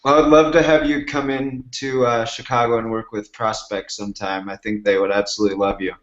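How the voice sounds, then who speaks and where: A man's voice: mid-range voice, flat delivery, brisk. A man hosting an interview show, asking rambling, friendly questions full of fillers. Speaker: podcast host. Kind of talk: casual interview chat. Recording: roomy lo-fi remote audio.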